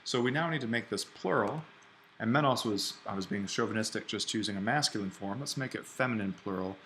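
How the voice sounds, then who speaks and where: A man teaching an online Greek grammar lesson, thinking aloud and slowing down to spell out each form. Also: on the low side, fairly bright tone, slight background noise. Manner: explains step by step, thinking aloud; slows down to spell out Greek forms.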